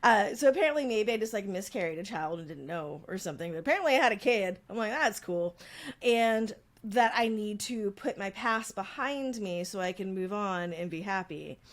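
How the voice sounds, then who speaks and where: A woman co-hosting a casual podcast, rambling through a story with plenty of ums and likes. Her pitch sits in the middle range for a woman. She tells it in a loose, chatty way. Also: expressive, a little fast, hardly any pauses. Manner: chatty storytelling, frequent fillers. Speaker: podcast co-host. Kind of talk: casual chat.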